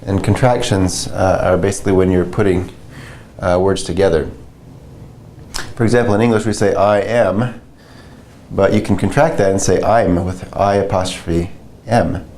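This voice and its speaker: A man's voice: sits low, steady tone, normal speed, pauses often, a little mellow. A man teaching beginner French grammar in a patient, conversational way, repeating and explaining examples.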